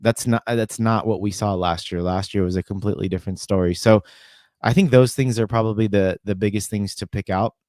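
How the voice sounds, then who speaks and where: A man with a fairly low voice co-hosting a casual sports podcast. He works methodically through figures, padding his sentences with ums and you-knows. The sound is dry and close to the mic. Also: steady tone, a little fast, darkish tone, no echo. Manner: analytical, running through stats with fillers. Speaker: podcast co-host.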